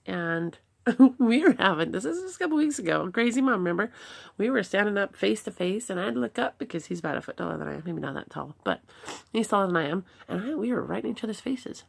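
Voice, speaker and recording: A middle-aged woman speaking earnestly about parenting, reflecting on arguments with her son and demonstrating gentle replies. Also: medium pitch, lively intonation, fast, creaky, breathy edge. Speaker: parenting talk host. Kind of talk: personal advice talk.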